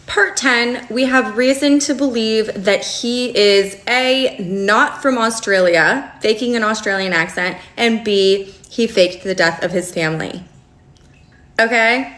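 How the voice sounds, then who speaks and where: A young woman telling a long personal story to camera in a casual, animated storytime vlog, full of fillers and asides. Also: a little high, a little slow, reverberant. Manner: animated, chatty, frequent fillers. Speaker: storyteller recounting a relationship.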